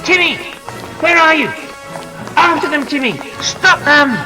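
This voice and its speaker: A man's voice: very high voice, expressive, a little slow, far from the mic, over music, pitched above the performer's own voice, rough recording. A man voicing a bold, tomboyish girl in an audiobook, calling out urgently. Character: bold tomboyish girl commanding her dog.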